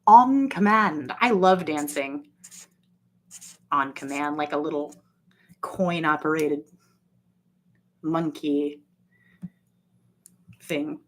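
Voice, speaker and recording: A woman's voice: deep voice, takes it slowly, pauses often. A woman chatting casually on a livestream, rambling and swearing as she talks straight to her viewers. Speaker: livestream host.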